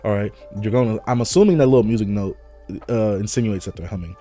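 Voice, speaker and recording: Mellow-voiced man reacting excitedly. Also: on the low side, fast, soft background music. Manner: excitable, thinks aloud, jumps into speculating. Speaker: host reading comics aloud. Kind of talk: casual live read-along commentary.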